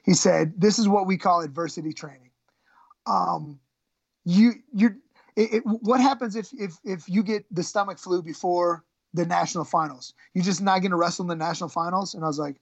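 A woman who coaches high school wrestling tells a story in an interview, halting and repeating words. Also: a little mellow, breathy edge, no echo. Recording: dull, slightly lo-fi sound.

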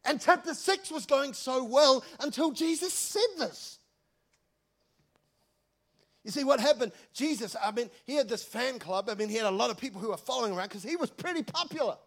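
A New man preaches with a lot of energy, telling the story in a loose, joking way and calling out to the room. His voice sits high for a man and has a gravelly, creaky edge. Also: normal speed, long pauses. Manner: energetic, conversational, jokey storytelling. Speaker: pastor. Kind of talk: sermon.

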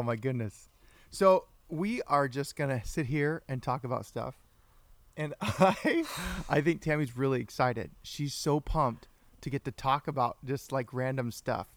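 A man's voice: mid-range voice, normal speed, no echo. A man hosting a casual livestreamed podcast, chatty and playful, greeting viewers by name. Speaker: podcast host.

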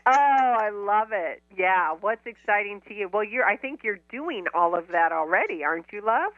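A woman's voice: medium pitch, lively intonation, moderate pace, no room sound, phone-quality sound. A woman hosting a radio show, talking casually with an effusive, affectionate, upbeat manner.

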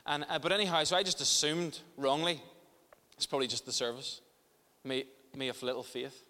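Bright-voiced male pastor preaching in a hall. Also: medium pitch, steady tone, fairly quick. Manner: impassioned, with frequent restarts and repeated words. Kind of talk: sermon. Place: church.

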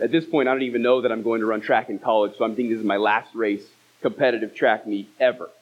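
A man's voice: mid-range voice, quick pace, few pauses, dull audio. A man in his thirties, a pastor preaching a sermon and telling a personal story, acting out the voices in it. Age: 30s. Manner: storytelling, acts out dialogue. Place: church hall.

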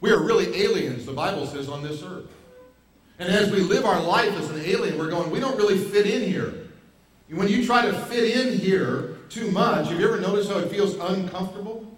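A man's voice: high voice, brisk. A male pastor preaching a sermon, pressing his points with rhetorical questions. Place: church hall. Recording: very echoey hall, mic far off.

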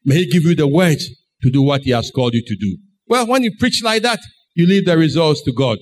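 Animated preacher, high voice. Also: male voice, brisk. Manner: dramatic storytelling, acting out voices in the tale. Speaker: pastor. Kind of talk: sermon.

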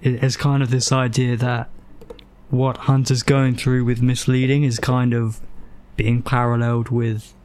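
A man's voice: mid-range voice, level tone, measured pace, darkish tone. A man in a casual podcast discussion, talking hesitantly and restarting his sentences often. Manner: hesitant, many restarts and hedges. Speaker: podcast co-host.

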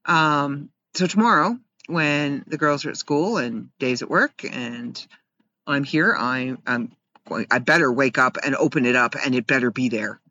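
A man's voice: mid-range voice, unhurried, sharp tone. A man casually telling a rambling, self-deprecating story in a personal vlog, laughing often. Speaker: vlogger. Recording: slightly muffled with faint background hiss.

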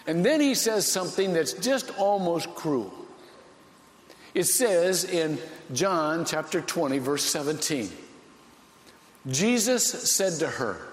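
A man preaching a sermon as pastor, slow and folksy, with dramatic pauses. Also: on the high side, animated. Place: church sanctuary. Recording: echoey hall with long reverb.

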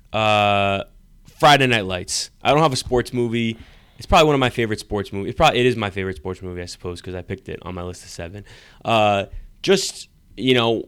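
A man's voice: medium pitch, smooth, no echo. A man co-hosting a podcast in casual chat, rambling and laughing as he tells stories. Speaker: podcast co-host.

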